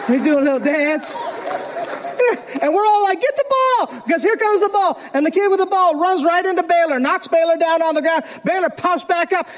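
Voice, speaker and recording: Middle-aged male pastor, very high voice, storytelling sermon delivery with laughs.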